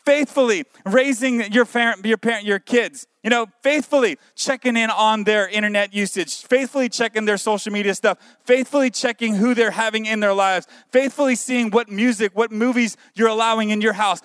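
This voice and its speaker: A man's voice: high-pitched, normal speed, a bit bright, no room sound. A male pastor preaching a fervent sermon in a church, urging and repeating phrases. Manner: fervent preaching, repetitive exhortation.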